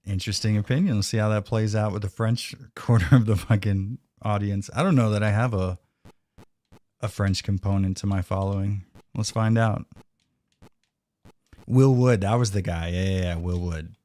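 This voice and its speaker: A man streams a retro video game live, reading chat and trading casual, profane, sarcastic banter. His voice is on the low side and warm, at a moderate pace.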